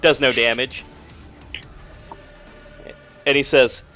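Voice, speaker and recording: A young man narrating as game master of a tabletop game, casual and halting with lots of fillers. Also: mid-range voice, fairly even intonation, bright, forceful tone, faint music behind.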